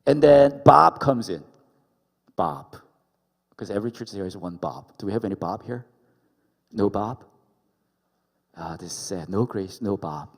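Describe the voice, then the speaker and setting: A man's voice: lowish voice, expressive, measured pace, pauses often. A male pastor preaching a playful sermon and joking with the congregation in a church worship hall. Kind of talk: sermon with storytelling.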